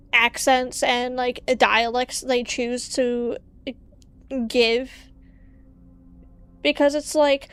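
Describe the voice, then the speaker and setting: Female streamer, unhurried casual chat, smooth clear voice, opinionated and playful. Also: fairly high pitch. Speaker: VTuber streamer.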